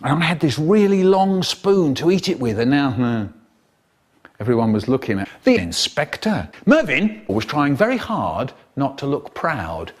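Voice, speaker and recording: A man telling a comic story dramatically, swinging from loud to hushed. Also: on the high side, very animated, a little slow.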